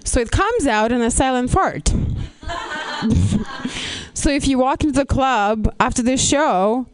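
A woman with a Russian accent, in her thirties, performing a stand-up comedy set with deadpan punchlines and a gruff put-on voice for jokes. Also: sits high, a little slow, crowd noise, poor audio. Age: 30s.

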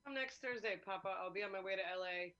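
Woman reading defiant young waitress, bright and high, breezy. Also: fast, dull audio, close to an everyday voice. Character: ambitious young waitress daughter, early twenties. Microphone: video call.

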